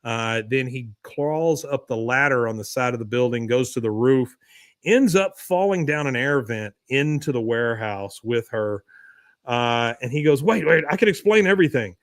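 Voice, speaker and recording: A man's voice: medium pitch, a little slow, no echo, studio quality. A man hosting a podcast, recapping a cartoon episode in a wry, chatty way. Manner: wry, chatty storytelling with fillers. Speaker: podcast host.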